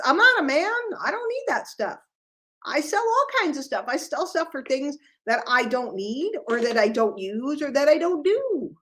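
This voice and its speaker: A middle-aged woman from New York City giving an animated business talk to her sales group, full of rhetorical questions. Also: sits high, normal speed.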